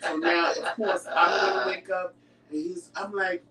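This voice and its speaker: A man's voice: sits high, fairly even intonation, moderate pace, sharp tone. A man co-hosting a dinner-table vlog, telling home stories in an easygoing way and playfully pushing back. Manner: easygoing storyteller, protesting playfully. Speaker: vlog co-host. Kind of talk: casual dinner chat. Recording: roomy, distant mic, faint noise.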